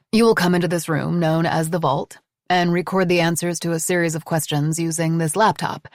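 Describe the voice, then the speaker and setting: A woman's voice: lowish voice, no echo, clean studio sound, lightly acted. A woman voicing a poised female hostess of a mansion, dramatic and eager to please.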